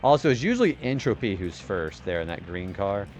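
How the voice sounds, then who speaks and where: A man's voice: on the low side, big pitch swings, fairly quick, lo-fi sound, over music. A young man streaming a retro game, rambling casually about his day and swearing when he misses a turn. He describes his own voice as nerdy. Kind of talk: casual gaming stream chat.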